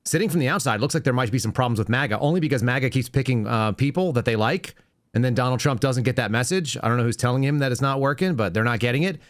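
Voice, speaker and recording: A man's voice: mid-range voice, quick pace, dry recording, clean studio sound. A man hosting a political talk show, chatting casually and sarcastically with his co-host. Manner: sarcastic, joking. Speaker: podcast host.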